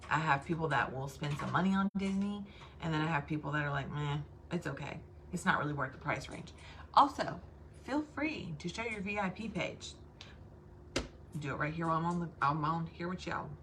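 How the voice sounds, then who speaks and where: A woman's voice: deep voice, animated, brisk, a bit bright, slight background noise. A woman with a Southern US accent, chatting casually to her sales team and calling them y'all. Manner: chatty, addresses listeners as y'all.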